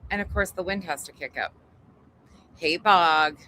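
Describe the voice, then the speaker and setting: A woman with a lowish, sharp-toned voice speaks unhurriedly while hosting a casual livestream at home. She greets viewers one by one, chats, and swears freely. The recording is low quality, with construction noise from upstairs.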